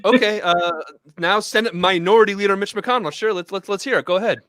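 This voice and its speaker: A man's voice: high-pitched, fast talker, a bit bright, no room sound. A man hosting an online comedy show, playing the exasperated straight man in scripted banter.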